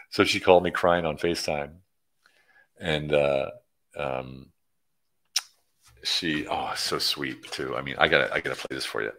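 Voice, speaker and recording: A middle-aged man, a coach hosting a livestream, chatting casually and excitedly with viewers and rambling from topic to topic. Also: rumbling low, slow pace, pauses often. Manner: excitable, rambling, hypes his program, jumps between topics. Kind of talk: casual livestream chat, reading out viewer comments.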